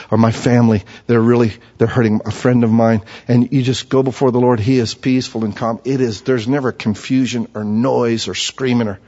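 A male pastor preaching a sermon, animated and acting out voices, then easing into soft calm tones. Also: mid-range voice, fairly quick, few pauses. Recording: echoey hall, dull lo-fi sound.

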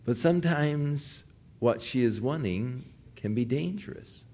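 Older man preaching, slow and animated. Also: medium pitch. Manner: storytelling, acts out pleading voices. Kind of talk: sermon.

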